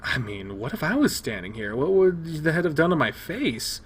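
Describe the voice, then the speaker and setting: Excitable man reacting, lively pitch. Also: moderate pace, breathy edge. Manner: excitable, swearing, rambling asides. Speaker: let's play host. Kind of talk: visual novel reading with reactions.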